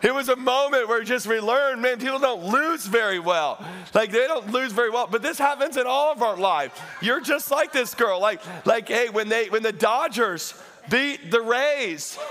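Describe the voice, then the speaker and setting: A pastor delivers a lively sermon in a high, ringing voice. His tone is bright and forward, and he talks straight to the congregation. He keeps the energy up and bursts into loud, comic shouts. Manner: addresses the congregation directly.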